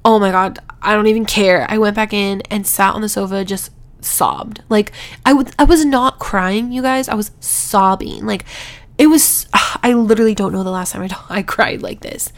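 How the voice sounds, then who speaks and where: A woman's voice: mid-range voice, normal speed. Chatty congested young woman vlogging. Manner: chatty, rambling, laughs between words. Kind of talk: casual storytime vlog.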